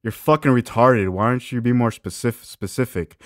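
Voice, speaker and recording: A man hosting a reaction video, ranting with crude, sarcastic mockery and swinging between loud outbursts and low mumbles. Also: normal speed, no room sound, clean studio sound. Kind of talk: profane ranting reaction commentary.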